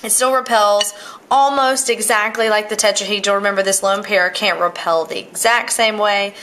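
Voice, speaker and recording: A woman's voice: medium pitch, steady tone, normal speed, bright, forceful tone, slight background noise. A woman teaching chemistry, explaining a model step by step and checking in with "all right".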